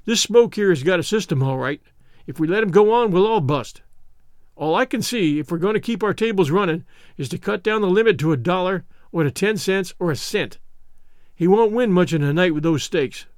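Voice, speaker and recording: A man voicing a big, gruff saloon gambling boss who speaks slow and heavy. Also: high-pitched, lively intonation, dry recording, studio quality. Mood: grudging.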